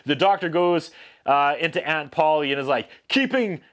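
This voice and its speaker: A man's voice: a little high, fairly even intonation, normal speed, fairly bright tone, clean tone. A man hosting a casual, comedic movie recap, with lots of sarcastic, wry asides. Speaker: film reviewer host.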